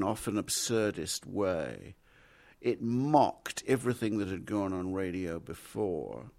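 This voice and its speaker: A low, gravelly man speaks slowly and deliberately as a film critic. He takes his time over each point. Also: a little mellow. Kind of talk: interview.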